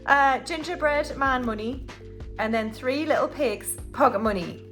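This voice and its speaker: There's soft background music as a high-pitched, fairly bright-toned woman talks in an unhurried way. She's the British host of a budgeting channel, chatting through a casual cash-stuffing vlog while counting notes aloud and laughing at her slips.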